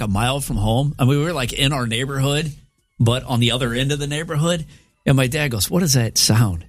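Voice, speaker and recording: Middle-aged man telling a long anecdote. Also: medium pitch. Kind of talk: casual chat, anecdotes.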